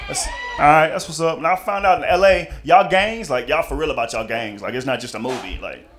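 A man from Texas doing a stand-up comedy set, telling stories animatedly and acting out loud voices. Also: a little high, brisk. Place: comedy club stage with live audience.

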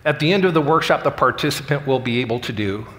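A middle-aged man speaks from a conference stage and talks an audience through a workplace story in an earnest, plain way. His voice sits at an ordinary pitch for a man. A long reverb from the big hall trails behind each phrase. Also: expressive, quick pace, fairly bright tone. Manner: earnest, story-driven, acts out quoted lines. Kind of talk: storytelling keynote speech.

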